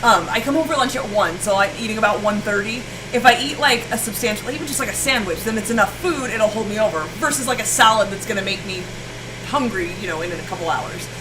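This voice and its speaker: A woman's voice: mid-range voice, fast, recorded from a distance. A young woman co-hosting a home cooking show, teasing and laughing as she chats. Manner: playful, teasing, laughs often. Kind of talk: casual chat while cooking. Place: home kitchen. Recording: home recording with background noise.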